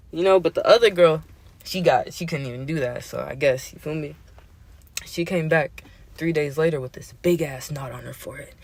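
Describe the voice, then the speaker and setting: A man hosting a casual show, telling a story in an animated, slangy, profane way, often laughing. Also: fairly high pitch, normal speed. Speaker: host.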